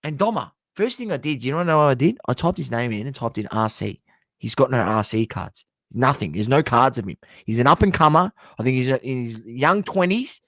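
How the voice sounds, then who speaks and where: A man's voice: brisk, dry recording. A man co-hosting a sports chat show, tripping over fighters' names and pushing his voice way up when something thrills him. The sound is dry and close, with almost no room around it. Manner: energetic, stumbles over names, excitable pitch jumps. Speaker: podcast co-host.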